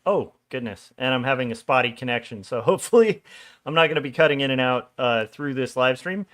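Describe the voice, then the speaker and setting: A man's voice: medium pitch, fairly quick, a bit bright. A man in his forties, an illustrator chatting casually on a livestream while he draws, loose and rambling with small jokes. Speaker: illustrator streaming his drawing work.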